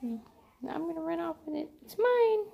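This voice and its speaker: A woman squeaking as a gloating thieving cat. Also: sing-song, normal speed, vocal fry, phone-quality sound, heavily acted. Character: sassy thieving house cat, female.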